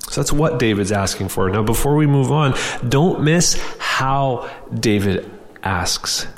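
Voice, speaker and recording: A man's voice: medium pitch, lively intonation, measured pace, in a large hall. A man preaching a sermon in an earnest, direct way, often restarting and repeating words.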